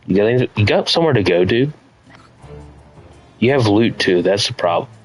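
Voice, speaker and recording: A man's voice: lowish voice, expressive, normal speed, low-quality recording. A man streaming a game and talking casually, musing and rambling about his plans as he plays. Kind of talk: casual live-stream commentary. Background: faint game music.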